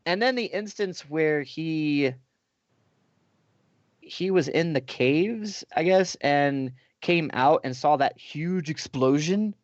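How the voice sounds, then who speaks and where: Man with a slightly high voice on a lo-fi stream mic. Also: slow, dry recording. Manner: animated retelling, often acting out exaggerated quotes. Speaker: co-host. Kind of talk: casual livestream chat. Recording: dull lo-fi dry sound.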